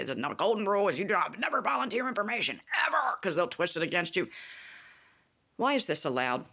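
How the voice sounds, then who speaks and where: A woman vlogging in a casual, indignant rant, animated and swearing freely as she retells a TV plot. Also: mid-range voice, fast. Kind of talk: casual rant about a TV show.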